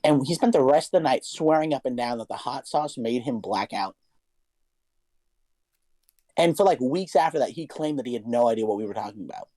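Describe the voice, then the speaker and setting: A man's voice: medium pitch, animated, fairly quick, dark tone, no echo. A young man co-hosting a podcast, telling a story in casual chat, swearing a lot and talking with animation. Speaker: podcast co-host.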